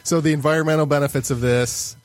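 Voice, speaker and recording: A man's voice: fairly high pitch, steady tone, quick pace. A man in casual podcast banter, earnestly explaining his idea at length with many restarts. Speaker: podcast co-host pitching an idea.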